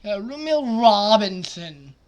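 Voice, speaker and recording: A man commenting casually on a basketball simulation, muttering quietly at times and then breaking into loud, excited outbursts. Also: high-pitched, slow, lo-fi sound. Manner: excitable, swings from mumbled asides to loud outbursts. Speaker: simulation gaming streamer.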